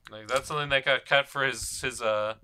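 A man's voice: medium pitch, fairly even intonation, fairly quick, sharp tone, clean tone. A man in a casual movie chat, rambling and hesitant as he explains book background. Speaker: podcast co-host.

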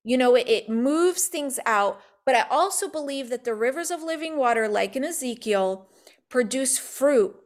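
A woman telling a personal faith story in casual talk, acting out the quotes in quick, animated bursts. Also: high voice.

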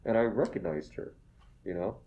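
A man in his forties telling stories as an interview guest, animated and self-deprecating, often tagging "okay?" onto his lines and going soft and emotional when he talks about his wife. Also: on the low side, moderate pace, dull audio, slight background noise. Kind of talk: casual storytelling interview.

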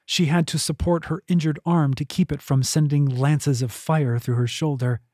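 Male author-narrator, measured audiobook read, husky and slightly high-pitched, dry close mic. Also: no echo. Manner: steady, measured storytelling. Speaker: author reading his own novel.

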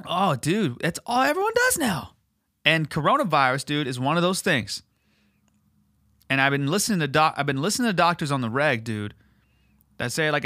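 A man hosting a podcast in casual, rambling chat, swearing heavily and animated. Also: on the high side, no room sound, studio quality. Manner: profane, rambling, animated, filler words. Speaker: podcast host.

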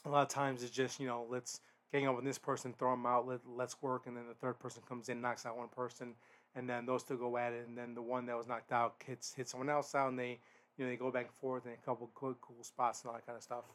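Male podcast host, casual solo review, flat even delivery, blunt and rambling with lots of restarts. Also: medium pitch, quick pace. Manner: rambling, frequent restarts and fillers; blunt, swears.

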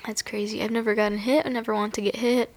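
A woman's voice: a little high, level tone, quick pace, a little mellow. A woman in casual chat, talking with lots of "like" as she reacts and tells her side. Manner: chatty, peppers talk with "like".

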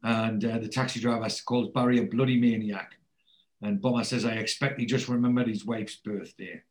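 A man in casual chat, retelling a TV episode and jumping into higher, louder voices for the characters he quotes. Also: steady tone, fairly quick.

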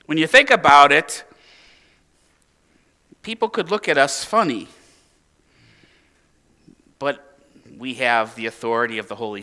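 Animated preaching man, bright voice. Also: medium pitch. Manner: animated preaching with emphatic rises and hushed drops. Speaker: pastor. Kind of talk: sermon.

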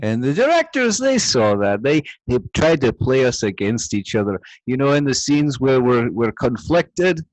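Lively joking man on a podcast. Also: mid-range voice, moderate pace, hardly any pauses, no room sound, low-quality recording. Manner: joking, bursts into goofy character voices. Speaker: podcast co-host. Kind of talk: casual comedic chat.

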